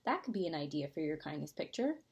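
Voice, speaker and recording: A woman's voice: low voice, very animated, quick pace, a little mellow, dull audio, voice pushed down. A woman voicing a supportive mother in a storybook reading, speaking encouragingly.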